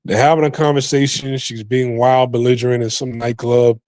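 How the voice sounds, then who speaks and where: A man's voice: medium pitch, level tone, normal speed, a little mellow, no room sound. A man hosting a podcast, giving rambling, profane casual commentary and repeating himself often. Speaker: podcast host.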